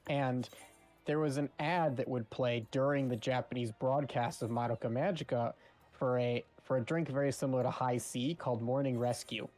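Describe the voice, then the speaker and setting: Man, casual stream chat, lively storytelling, faint music behind. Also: mid-range voice, normal speed. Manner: animated storyteller, laughs often.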